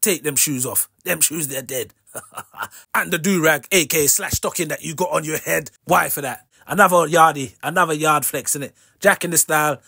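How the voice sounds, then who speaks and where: A man's voice: fairly high pitch, moderate pace, creaky, bright, forceful tone, slightly rough, dry recording, studio quality. A man hosting his own vlog, talking straight to camera in casual street slang and ending lines with "innit". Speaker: vlog host. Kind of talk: direct-to-camera commentary.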